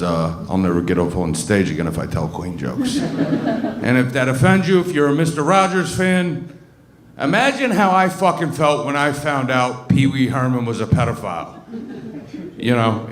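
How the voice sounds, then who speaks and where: A man's voice: medium pitch, background noise. Crude rambly stand-up guy in his 30s from baltimore, lots of uh and you know, roomy club sound. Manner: crude, rambling, many fillers and restarts. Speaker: stand-up comic. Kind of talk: stand-up comedy set. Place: comedy club stage.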